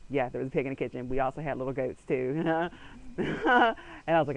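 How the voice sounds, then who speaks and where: A man's voice: medium pitch, racing, rough recording. A young man chatting casually into a webcam at home, rambling and filling his talk with "like" while acting out little quotes. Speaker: vlogger.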